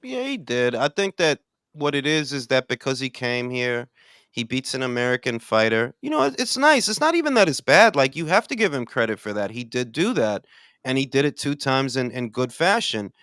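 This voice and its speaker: Animated, profane man ranting about boxing. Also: medium pitch, normal speed, clear, resonant tone, no echo, clean studio sound. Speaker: podcast co-host. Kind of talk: casual boxing talk.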